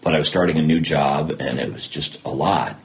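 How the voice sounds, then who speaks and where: Deep-voiced man telling his story candidly. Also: brisk. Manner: animated storyteller who acts out remembered dialogue. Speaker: podcast guest. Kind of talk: candid personal interview.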